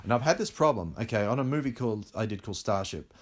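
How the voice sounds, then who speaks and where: In a conversational interview, a film director with a lowish voice talks quickly and animatedly. His stories are candid and sprinkled with frequent fillers.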